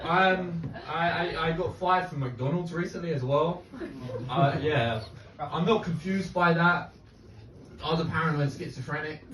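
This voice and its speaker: Young male stand-up, deadpan dark jokes, slightly high voice, caught from afar in a noisy, echoing club. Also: unhurried. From England. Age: young adult. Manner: deadpan, dark one-liners. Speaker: stand-up comedian. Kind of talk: stand-up set. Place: comedy club stage. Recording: roomy, distant, noisy club recording. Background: audience laughter.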